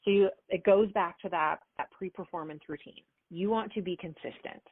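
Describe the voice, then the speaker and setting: A woman in her forties, a performance coach answering interview questions in an energetic, chatty way. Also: on the low side, normal speed, breathy edge, dry recording. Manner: energetic, chatty, acts out little quoted exchanges. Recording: dry, phone-like remote call audio.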